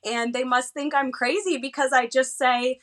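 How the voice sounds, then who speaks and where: A woman in her thirties from the United States, a guest telling an emotional personal story with lively quoted dialogue. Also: high voice, crowd noise. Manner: animated, fast retelling with lively quoted dialogue. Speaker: interview guest.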